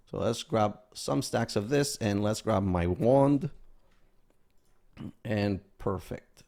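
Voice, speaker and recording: A man's voice: mid-range voice, vocal fry, a little mellow. A man hosting a gaming video, casually commenting as he plays and thinking aloud, sometimes counting items under his breath.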